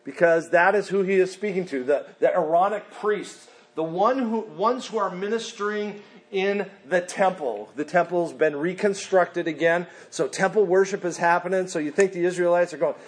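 A man's voice: high voice, normal speed, breathy edge. A man preaching a sermon in an earnest way, sometimes mimicking whiny voices of the people he quotes. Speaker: pastor.

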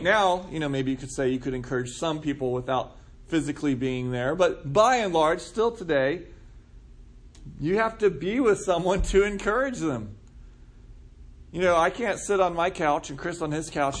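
Casual, questioning male preacher. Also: on the high side. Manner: casual, asks the room questions. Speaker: pastor. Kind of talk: conversational sermon.

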